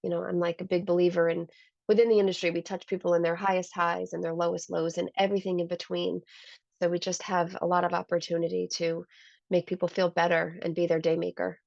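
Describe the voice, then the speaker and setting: Gravelly-voiced woman telling earnest stories. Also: lowish voice, flat delivery, fast, a little mellow, dry recording. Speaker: salon owner and guest. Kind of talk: conversational interview storytelling. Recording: dull, lo-fi dry sound.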